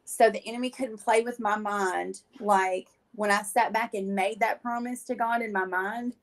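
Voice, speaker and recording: A woman's voice: medium pitch, steady tone, normal speed. A woman, a guest in an interview, telling her personal testimony in a blunt, slangy and emotional way.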